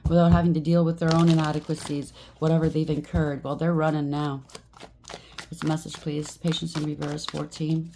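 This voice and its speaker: A woman's voice: sits low, level tone, a little fast, background noise. A woman giving a tarot reading in a blunt, heated way, often checking in with "okay?". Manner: blunt, heated, talks to the listener with frequent "okay?". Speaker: tarot reader.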